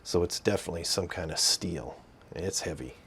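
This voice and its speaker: A man's voice: low-pitched, a little fast, vocal fry, fairly bright tone, husky. A man with a Midwestern accent talking casually about gear, rambling with fillers and restarts. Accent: Midwestern American. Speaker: guitar video host. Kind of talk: casual explanatory talk.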